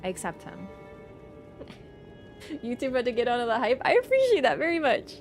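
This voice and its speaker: A woman livestreamer in casual chat, animated and teasing toward viewers and swearing casually. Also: fairly high pitch, moderate pace, soft background music.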